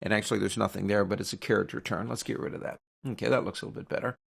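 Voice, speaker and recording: A man teaching a software tutorial step by step in a casual, chatty way, with joking, opinionated asides. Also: lowish voice, steady tone, rapid-fire, gravelly, breathy edge.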